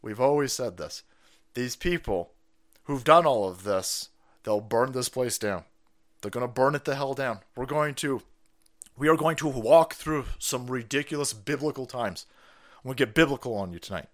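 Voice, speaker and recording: A man's voice: mid-range voice, a little slow, fairly bright tone. A middle-aged man hosting a political livestream, ranting in a combative, profane way and laughing often. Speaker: livestream host.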